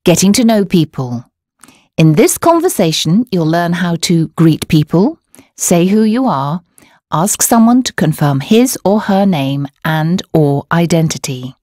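A woman narrating a scripted language course, explaining words and tones in a clear, measured way. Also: on the low side, animated, warm tone, dry recording. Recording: dry studio voice-over.

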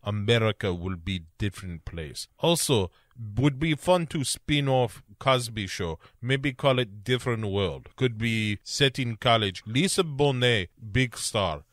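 A man putting on the voice of a smug foreign villain commander who speaks in clipped, broken English with deadpan menace. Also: mid-range voice, no echo, studio quality, close to an everyday voice.

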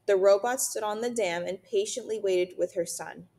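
A woman reading a children's novel aloud, narrating steadily and clearly. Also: medium pitch, moderate pace, mellow. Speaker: reader.

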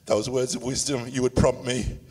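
A man's voice: medium pitch, little pitch movement, moderate pace, a little mellow. A man in his sixties reading a eulogy for his father, emotional and struggling to get through it. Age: 60s. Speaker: son giving a tribute. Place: church.

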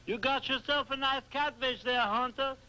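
A man's voice: very high-pitched, normal speed, sharp tone, full character voice, low-quality recording. An actor voicing a jive-talking beatnik male duck in a cartoon, laid-back and full of hip slang. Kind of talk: 1960s TV cartoon voice acting.

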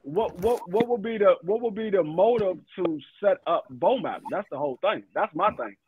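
A man's voice: sits high, animated, normal speed, slight background noise. A man in a casual podcast discussion, questioning and repeating himself as he presses a point. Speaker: panelist. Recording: tinny phone-like line.

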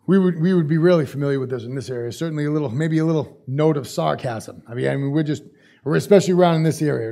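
A man's voice: a little high, gravelly, dark tone. A male pastor preaching a sermon in a casual, conversational way, repeating phrases for emphasis.

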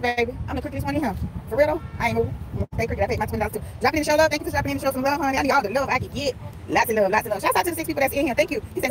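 A woman live-streaming a vlog on her phone while walking around a busy outdoor tailgate, chatting playfully with viewers and greeting them by name. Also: high voice. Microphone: phone held while walking. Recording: phone recording with outdoor background noise.

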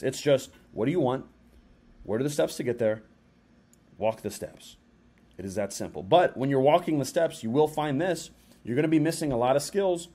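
A young man giving a casual motivational talk, slangy and conversational, acting out his own thoughts in quick quoted asides. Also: mid-range voice. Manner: animated, acts out his own inner voice in quotes. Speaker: self-help speaker.

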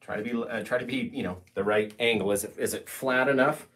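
A young man teaching a live painting tutorial, mostly soft and gentle, with sudden playful loud bursts. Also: medium pitch, steady tone, a little fast. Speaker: painting instructor.

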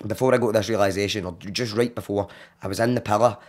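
A Glaswegian man from Scotland, a podcast guest who tells his story in casual chat, animated and swearing freely. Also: on the low side, quick pace. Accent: Glaswegian Scottish. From Glasgow, Scotland. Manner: animated, swears freely, acts out quoted voices.

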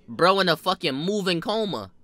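A young man telling a funny personal story in a storytime vlog, animated and profane with sudden jumps in pitch and loudness. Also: normal speed, dry recording. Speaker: vlogger.

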